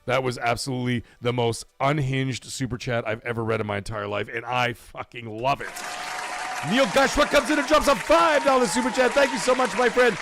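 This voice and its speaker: Hosting a casual live stream, a man with a high, creaky voice talks animatedly. He curses freely and reads out messages from viewers.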